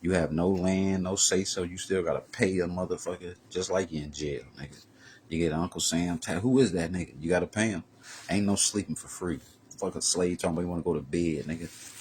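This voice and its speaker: A man vlogging a profane, heated street-talk rant that swings from low muttering to loud raised bursts. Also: a little hiss or hum.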